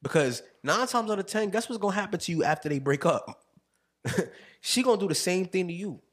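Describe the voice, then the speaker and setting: Husky young man with lively, laughing chat. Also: high voice, fairly quick. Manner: laughs often, animated storytelling. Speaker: podcast host. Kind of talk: casual chat.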